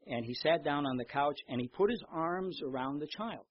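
An older man preaching a sermon, telling stories with lively repetition and reading scripture aloud. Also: a little high, normal speed, lo-fi sound, slight background noise. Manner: storytelling, animated in anecdotes, repeats words. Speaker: pastor.

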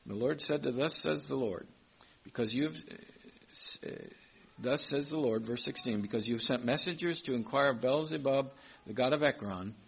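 A man's voice: mid-range voice, moderate pace, creaky, breathy edge, poor audio. A man preaching a sermon, reading Bible verses aloud and explaining them, with some hesitant restarts. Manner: reads scripture aloud and comments, with hesitant restarts.

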